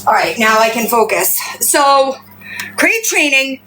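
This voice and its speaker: Woman hosting a home stream, talks slow, kinda high voice, swears a lot, does baby-talk to her pets, phone mic. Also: animated, sharp tone, a little hiss or hum, rough recording. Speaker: livestream host. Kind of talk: casual livestream chat.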